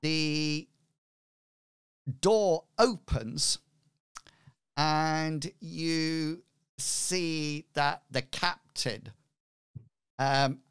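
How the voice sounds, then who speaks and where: A man narrating a tabletop game as game master, in an unhurried, rambling way with many "sort of, like" fillers. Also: a little high, smooth, dry recording, clean studio sound.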